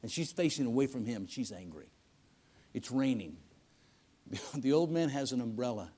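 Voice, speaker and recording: A man's voice: medium pitch, moderate pace, breathy edge. Man preaching a folksy sermon. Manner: folksy storytelling with repetitions and restarts; lively swings between loud emphasis and quiet hushed lines. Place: church service.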